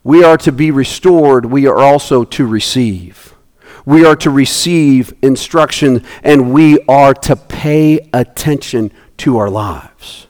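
A man preaching a sermon, animated, acting out the people in his story with big jumps in his voice and often restarting his phrases. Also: mid-range voice, takes it slowly. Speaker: pastor.

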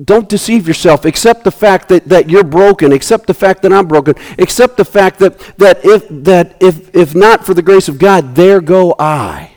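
A man delivers a sermon in an animated preaching style. His voice sits a little higher than most men's, and it jumps sharply whenever he acts out the people in the passage. He often repeats and restarts phrases as he goes. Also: normal speed, hardly any pauses. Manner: animated preaching, voices characters with big swings in pitch. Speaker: pastor.

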